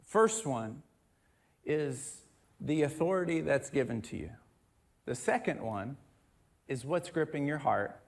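A man with a high voice preaches a sermon, telling a homely family story before building into loud, emphatic passages as he reads scripture. His delivery climbs from chatty to near-shouting. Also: expressive, slow, vocal fry, long pauses. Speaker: pastor.

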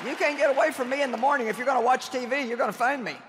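A woman's voice: high voice, steady tone, rapid-fire, noisy background. A woman preaching a sermon to a conference crowd, addressing listeners directly and emphatically with laughing asides. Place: large conference hall. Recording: long reverb in a large hall.

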